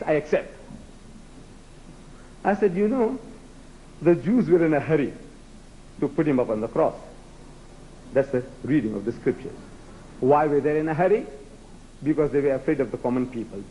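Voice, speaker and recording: A man's voice: a little high, warm tone, lo-fi sound, slight background noise. Challenging man, Gujarati native speaker. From South Africa. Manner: rhetorical, challenging, acts out debates with mock voices. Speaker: public lecturer on religion. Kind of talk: public lecture to a live audience.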